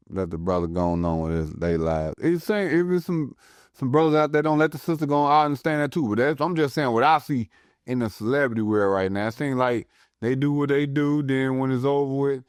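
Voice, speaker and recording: A man's voice: medium pitch, smooth, no room sound, studio quality. A man co-hosting a casual podcast chat, talking in a blunt, profane, slang-heavy way. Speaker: podcast co-host.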